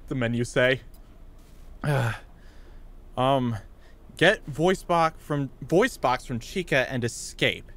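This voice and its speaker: Excitable male gaming streamer, animated voice. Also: slow pace, pauses often. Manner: thinks aloud, breaks into high yelling at scares. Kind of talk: live gameplay commentary.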